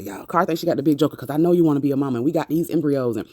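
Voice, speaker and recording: A woman talks through a TV episode in a loose, chatty way, dropping sassy slang along the way. Her voice sounds warm and mellow. It was recorded close up in a dry, dead room. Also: low voice, very fast, dry recording. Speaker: TV recap vlogger. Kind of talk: casual episode recap.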